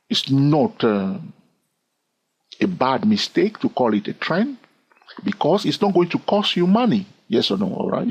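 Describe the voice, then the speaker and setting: A man's voice: fairly high pitch, creaky, a little mellow, breathy edge. A man with a non-native accent teaching chart trading in a chatty, teasing way, often checking in with his viewers. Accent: non-native English. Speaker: trading educator. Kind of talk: screen-recorded chart lesson. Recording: dull lo-fi sound.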